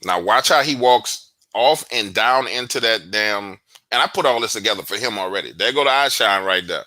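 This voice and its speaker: A man in casual conversation, telling stories in a slangy, profane, animated way. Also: lowish voice, normal speed, dry recording. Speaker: guest investigator.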